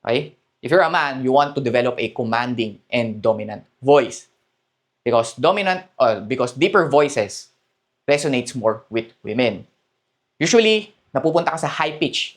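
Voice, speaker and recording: Filipino dating coach, chatty mixed-language lesson. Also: male voice, on the high side, animated, moderate pace. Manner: mixes Tagalog and English, repeats "okay?" to check in. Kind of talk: coaching talk to camera.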